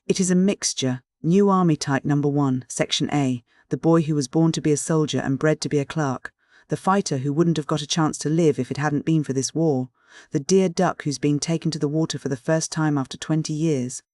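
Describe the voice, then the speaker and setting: A reader voicing brisk, opinionated young Englishwoman. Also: deep voice, a little mellow, no room sound, clean studio sound, lightly acted. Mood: decisive. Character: lively, wholehearted young Englishwoman. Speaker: character in an audiobook. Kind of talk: audiobook reading.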